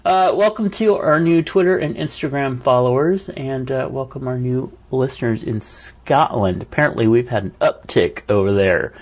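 A man's voice: medium pitch, normal speed, few pauses. A man co-hosting a casual podcast, joking and teasing his co-host. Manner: playful, teasing, mock voices. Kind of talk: casual banter.

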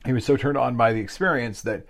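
A man's voice: medium pitch, quick pace, creaky. A man shares stories on a casual podcast. His talk rambles and circles back with plenty of fillers and asides, candid and easy, with laughter breaking in. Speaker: podcast co-host. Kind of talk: casual storytelling chat.

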